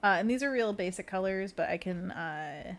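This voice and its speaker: A woman's voice: medium pitch, expressive, normal speed. A woman illustrator on a casual livestream, talking while she draws, reading chat aloud and making little sound effects. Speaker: illustrator streaming a sketching session.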